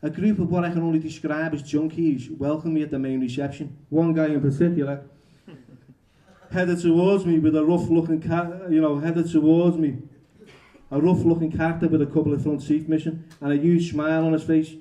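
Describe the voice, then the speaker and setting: Frank Englishman with a dark, mellow voice. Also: fairly high pitch, level tone, moderate pace. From England. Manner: frank, self-mocking, chatty with many fillers. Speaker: author at a book event. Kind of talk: candid storytelling and reading aloud. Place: bookshop event room.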